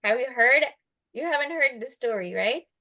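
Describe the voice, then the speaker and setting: Lady telling a kid a story over a call, lots of like and you know, asks questions, kinda high. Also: animated, moderate pace, sharp tone. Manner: chatty, many fillers, quizzes the listener. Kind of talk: casual storytelling to a child.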